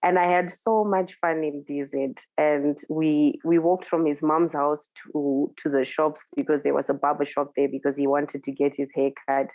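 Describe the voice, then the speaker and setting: A woman DJ, a guest in a live interview, telling a story with animated energy. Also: low voice, normal speed, hardly any pauses, no echo, rough recording. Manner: lively, acts out the voices of people she quotes.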